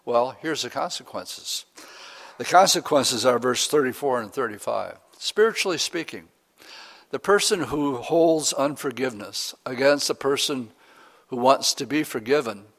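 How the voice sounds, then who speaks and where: Male pastor, mid-pitched voice, folksy sermon with dry asides. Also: animated, a little slow, a bit bright. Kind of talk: sermon, reading and explaining scripture.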